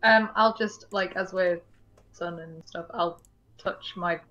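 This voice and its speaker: A woman playing a tabletop game, brisk and playful in her talk. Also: lowish voice, steady tone, a bit bright, dull audio. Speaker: player.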